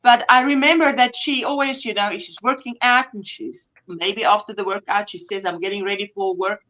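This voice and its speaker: A woman's voice: medium pitch, fairly even intonation, moderate pace, pushed and bright. A woman from South Africa hosting a casual livestream at home, chatting and greeting viewers by name. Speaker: livestream host. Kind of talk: casual chat reading out viewer comments.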